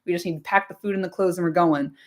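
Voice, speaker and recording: A woman voicing a fussy, eager young male hobbit who briskly lays out the plan and brags a little. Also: lowish voice, natural voice.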